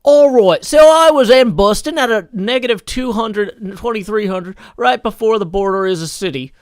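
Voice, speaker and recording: A man reading a player's message aloud in a put-on Kansas accent, exaggerated and high. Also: normal speed, no echo, lightly acted. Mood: hammy. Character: male petitioner read aloud in a mock Kansas drawl.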